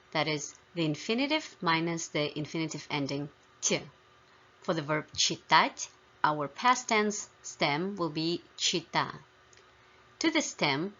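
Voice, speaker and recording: Woman, language teacher, measured careful delivery, low pitch, slightly muffled lo-fi audio. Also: fairly bright tone. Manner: clear, measured, spells out forms one by one. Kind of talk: slow, careful language lesson.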